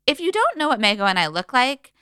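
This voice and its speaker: A young woman co-hosting a casual chat podcast, chatty and expressive as she teases her co-host. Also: high voice, fast talker, smooth, no room sound, clean studio sound.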